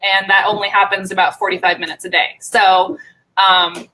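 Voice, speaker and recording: A young American woman from Oregon, chatting as a guest on a live stream, relaxed and laughing often with many ums. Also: mid-range voice, normal speed, slight background noise, low-quality recording. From Oregon, USA. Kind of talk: casual live-stream chat.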